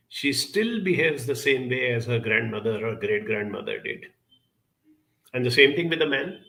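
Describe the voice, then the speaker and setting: A man giving an earnest, reflective talk, telling a childhood story in a measured way with lively emphasis. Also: medium pitch, vocal fry.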